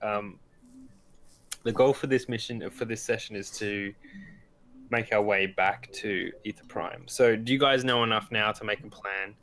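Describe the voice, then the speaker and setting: A man with a fairly low voice narrates as game master for a casual tabletop game. He talks loosely, with fillers and the occasional sound effect. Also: a little slow, fairly bright tone.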